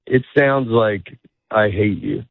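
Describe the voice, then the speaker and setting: A man's voice: fairly low pitch, slow, dry recording. A middle-aged man, a comedian, chatting casually in a rambling way, often cutting himself off and laughing. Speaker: comedian guest. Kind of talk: casual chat. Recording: dry phone-like audio.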